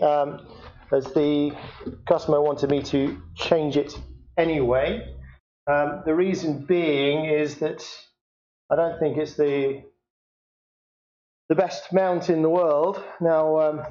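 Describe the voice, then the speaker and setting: A man talking through a picture framing job step by step in a workshop, unhurried and hesitant, with many fillers. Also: on the high side, steady tone, warm tone. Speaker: picture framer demonstrating. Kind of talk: hands-on workshop demonstration. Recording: echoey room, dull lo-fi sound.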